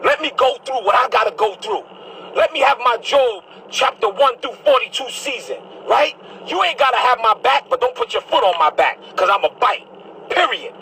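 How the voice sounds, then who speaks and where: Combative New bishop, high bright voice. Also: male voice, animated, moderate pace, a little hiss or hum, low-quality recording. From Brooklyn, New York. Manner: combative, repetitive, preachy. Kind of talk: heated monologue to camera.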